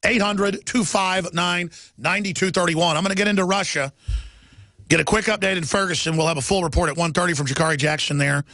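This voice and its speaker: A man's voice: high-pitched, fairly even intonation, brisk, pushed and bright, no room sound. A middle-aged man hosting a political talk radio show, ranting emphatically and repeating himself for effect.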